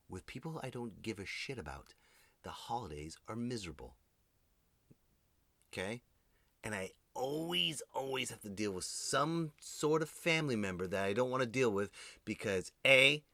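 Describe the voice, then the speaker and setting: Male podcast host, lowish voice, forceful and ranty, talks straight to his listeners, swears freely, dry close sound. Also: dry recording. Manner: animated, ranting, swears freely; addresses listeners directly. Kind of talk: comedic solo monologue.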